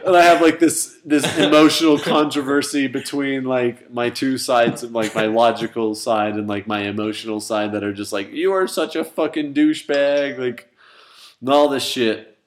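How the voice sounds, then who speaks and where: A man's voice: mid-range voice, fairly even intonation, moderate pace. A young man chatting with friends, telling long, rambling stories full of swearing and laughter. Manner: rambling storyteller, swears freely, laughs often. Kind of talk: casual chat among friends.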